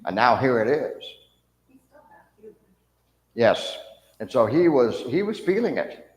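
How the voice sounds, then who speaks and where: A man leads a church Bible class at an ordinary pitch, asking his students questions and acting out the voices in the story. His voice echoes around a reverberant room, the tail hanging in the air. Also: slow. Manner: animated, acts out mocking soldiers' voices, asks the class questions.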